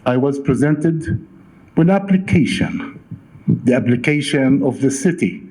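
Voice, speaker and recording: Slow, emphatic man making a speech. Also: mid-range voice, lively intonation, a little mellow, poor audio. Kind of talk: public comment at a council meeting. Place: council chamber. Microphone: podium microphone.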